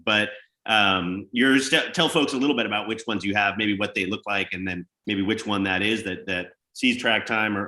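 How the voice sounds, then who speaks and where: A man hosting a casual interview, asking questions in a relaxed way with restarts. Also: lowish voice, echoey room. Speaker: host, interviewer.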